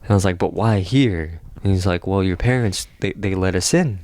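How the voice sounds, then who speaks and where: Young guy w a really low voice, rambling dream story full of likes and swears, dry close mic. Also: moderate pace, darkish tone, dry recording. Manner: rambling, filler-heavy, swears a lot. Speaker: podcast co-host. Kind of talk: casual storytelling.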